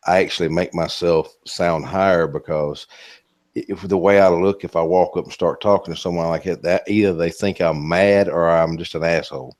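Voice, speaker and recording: A Southern man with a fairly low voice, talking easily on a live stream. His drawl is loose and joking, with a casual curse thrown in here and there. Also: steady tone, normal speed, darkish tone.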